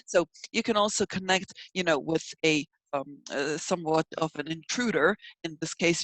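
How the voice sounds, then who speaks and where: A woman's voice: low-pitched, no echo, low-quality recording. A woman with a slight North American accent giving a pronunciation lecture in a webinar, chatty and full of fillers like "you know", sounding out example phrases. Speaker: language teacher.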